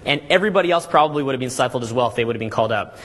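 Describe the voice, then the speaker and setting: A man's voice: medium pitch, racing. A man coaching a live seminar audience, talking energetically and quizzing the room. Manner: animated, energetic, audience questions.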